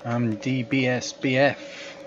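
A man hosting a let's play, chatting casually and reading the game text aloud in a relaxed, conversational way. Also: medium pitch, slow pace, muffled recording, slight background noise.

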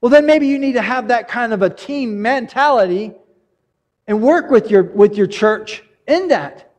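Earnest high-voiced male pastor. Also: expressive, unhurried, big-room sound. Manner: earnest, confessional, rambling with many restarts. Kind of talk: sermon.

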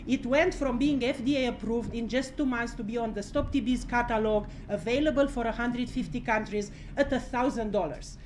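A woman's voice: fairly high pitch, moderate pace, few pauses, darkish tone, a little hiss or hum. A woman giving an impassioned, blunt address at a press conference, swearing freely and laughing between her points.

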